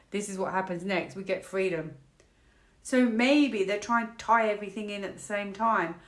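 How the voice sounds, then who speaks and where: A woman's voice: mid-range voice, fairly bright tone. Rambling tarot reader woman, echoey room. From United Kingdom. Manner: thinks aloud, rambling, half-laughing. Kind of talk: casual tarot reading to camera.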